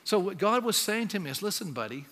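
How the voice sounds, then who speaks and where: A man's voice: sits high, lively intonation, a little fast, a bit bright, long reverb tail. A man preaching a sermon as pastor, speaking in a conversational way and putting questions to the congregation. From Canada.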